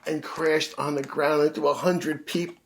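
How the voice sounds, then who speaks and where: A man reading a children's picture book aloud, animated, with big voices and sound effects. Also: on the high side, a little slow, creaky. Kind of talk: read-aloud storytelling for kids.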